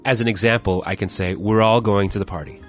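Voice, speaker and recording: A low-pitched man teaching on a podcast, explaining question formation step by step and ribbing his co-host. Soft music plays faintly under his voice. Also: steady tone, fast talker. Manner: explanatory, playful teasing. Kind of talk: scripted language lesson banter.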